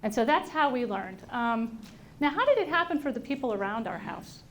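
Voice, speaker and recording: A middle-aged woman with a high, bright voice speaks to an audience in a large room, telling a personal story and acting out the voices she quotes. Faint room noise sits under her amplified voice. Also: big pitch swings, moderate pace. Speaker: invited speaker. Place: auditorium at a workplace event.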